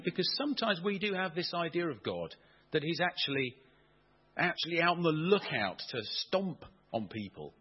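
A man preaching a sermon, animated and playful, asking the congregation questions as he explains. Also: on the high side, husky, lo-fi sound.

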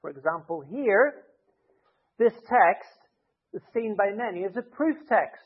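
A man with a rather high voice preaches in a church, talking the congregation through his points with simple what-if examples. The sound is thin and boxy, as if heard down a phone line. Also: lively intonation, measured pace, husky. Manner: explains with everyday hypothetical scenarios. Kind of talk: conversational sermon. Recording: tinny narrow-band sound.

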